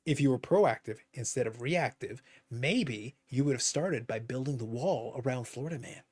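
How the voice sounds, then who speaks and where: A man hosting a casual live-stream chat about cards, joking, with animated mock-outraged asides. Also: mid-range voice, moderate pace, breathy edge. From Canada. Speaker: podcast host.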